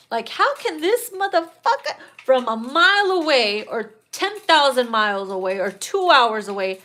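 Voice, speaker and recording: Chatty woman tarot host, animated and crude, her pitch leaping around as she laughs through the reading. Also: normal speed, few pauses. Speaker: tarot reader. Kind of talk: casual tarot reading chat.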